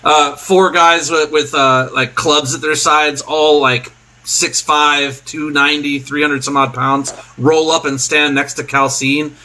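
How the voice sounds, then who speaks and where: A man's voice: on the high side, flat delivery, a little slow, sharp tone. A man narrating a tabletop game as game master, loose and rambling, often laughing.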